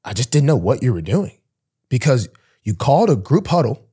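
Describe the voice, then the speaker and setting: A young man, a pro football player who hosts a podcast, tells a story in casual chat at a fairly quick pace, his voice slightly rough. He's animated and acts out the voices of the people in it, with big pitch jumps for the quotes.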